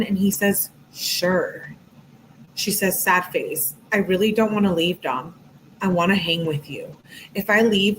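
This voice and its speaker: A woman with a slightly low voice reads through a string of text messages, pausing to react in an exasperated, offhand way. She answers viewers' questions as she goes, keeping things conversational. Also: slight background noise, low-quality recording. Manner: casual, reacts to live chat comments; exasperated asides between read messages. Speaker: true crime commentator. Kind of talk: reading text messages aloud with commentary.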